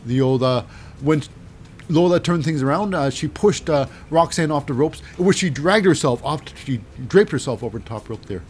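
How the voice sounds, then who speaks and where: A man's voice: a little high, expressive, normal speed, darkish tone, slight background noise. A man casually recapping wrestling matches in a rambling, wry way with lots of fillers.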